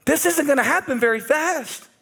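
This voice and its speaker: A man preaching a sermon as pastor, animated and joking, rising to shouts at peaks. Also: very high-pitched, moderate pace, vocal fry.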